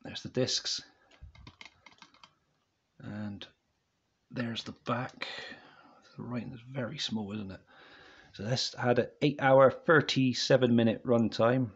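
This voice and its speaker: A man's voice: mid-range voice, fairly even intonation, takes it slowly, long pauses, husky, lo-fi sound. A man casually reviewing a wrestling DVD set to camera at home, rambling and often apologising to viewers. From United Kingdom.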